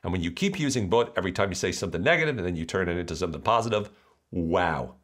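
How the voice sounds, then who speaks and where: A man hosts a motivational podcast in a fairly low voice. His pitch rises and falls a lot. He talks playfully and keeps slipping into little acted-out voices. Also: rapid-fire. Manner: animated, playful, acts out voices. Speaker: podcast host.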